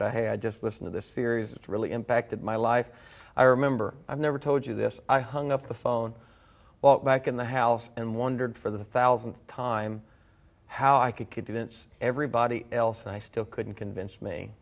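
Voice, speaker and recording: A man's voice: medium pitch, creaky. A middle-aged man, earnestly telling his own story as a preacher in a reflective conversation. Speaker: guest preacher. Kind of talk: personal testimony in conversation.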